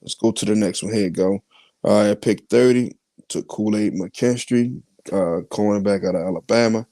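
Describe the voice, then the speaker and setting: A man hosting a podcast, reading out his mock draft picks in a casual, halting way with many fillers. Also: fairly low pitch, warm tone, dry recording. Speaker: podcast host.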